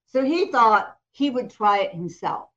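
An American woman co-hosting a talk show, telling a story in a lively way, acting out the voices of the people in it and laughing often. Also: fairly high pitch, unhurried, lo-fi sound. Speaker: co-host and prophetic minister.

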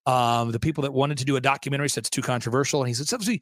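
A man, a guest on an interview show, telling an animated story and acting out the voices of people he quotes, with many restarts. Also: mid-range voice, racing, dry recording, clean studio sound. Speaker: interview guest, event organizer. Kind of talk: fast storytelling anecdote.

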